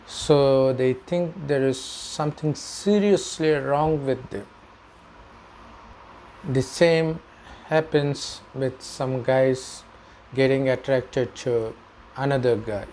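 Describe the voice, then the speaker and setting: Slow, measured male spiritual teacher. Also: mid-range voice, fairly even intonation, mellow, a little hiss or hum. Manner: slow, measured explaining with pauses. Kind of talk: spiritual talk to camera.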